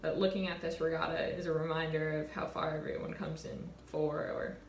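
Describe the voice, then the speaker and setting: A woman in her twenties, a college sailor, telling a reflective personal story in an earnest, warm way. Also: low voice, level tone, fairly quick, reverberant, slight background noise. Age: 20s. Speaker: college sailor and award winner.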